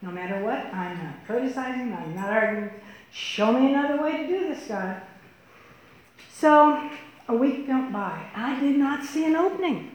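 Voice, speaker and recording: A woman tells a personal story to an audience in a fairly high voice, acting out what each person said with changes in pitch and pace. The recording is very echoey, with faint background noise. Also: moderate pace. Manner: animated, acts out quotes with shifts in pitch and pace. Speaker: speaker telling personal stories.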